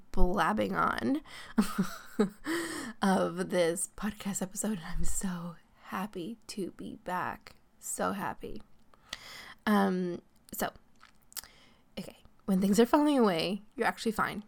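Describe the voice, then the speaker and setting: Gravelly-voiced woman chatting on her podcast. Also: medium pitch. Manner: chatty, laughs often, peppers speech with "like". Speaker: podcast host. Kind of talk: casual solo podcast talk.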